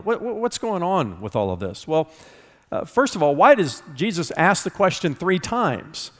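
A man's voice: on the high side, sing-song, a little fast, big-room sound. A man preaching a sermon as a pastor, conversational and earnest, acting out dialogue from scripture.

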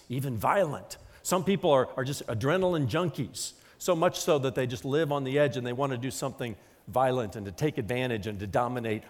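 A man's voice: a little high, big-room sound. A middle-aged man preaching a sermon as a pastor, emphatic and acting out quotes.

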